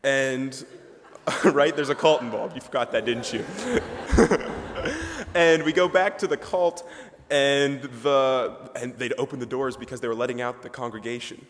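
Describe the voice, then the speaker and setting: A man's voice: mid-range voice, steady tone, a little slow, a little hiss or hum. A young man, a ministry student, giving a humorous, chatty chapel talk, full of asides and fillers. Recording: reverberant chapel hall.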